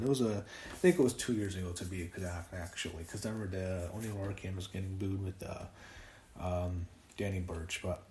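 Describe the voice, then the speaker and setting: A man's voice: lowish voice, roomy sound. A man giving a casual, rambling solo review of a wrestling show, with lots of fillers and swearing when he gets worked up.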